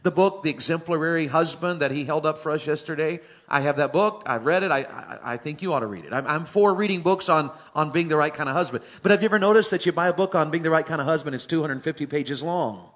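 A middle-aged male preacher with a somewhat higher voice delivers a sermon in a folksy, joking manner. He talks plainly to the congregation and builds to emphatic, ringing high points. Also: fast, hardly any pauses, a bit bright. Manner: folksy, humorous, rising to emphatic climaxes.

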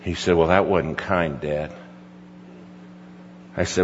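A man's voice: sits low, fairly even intonation, slow pace, long pauses, a little hiss or hum. A middle-aged male pastor telling a folksy story in a sermon, quoting his son at length. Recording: dull recording with hall reverb.

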